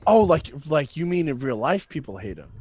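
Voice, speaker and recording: A man's voice: a little high, big pitch swings, a little fast, darkish tone, slightly rough, lo-fi sound. A man co-hosting a casual podcast, talking loosely and swearing, laughing often. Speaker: podcast co-host. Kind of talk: casual chat.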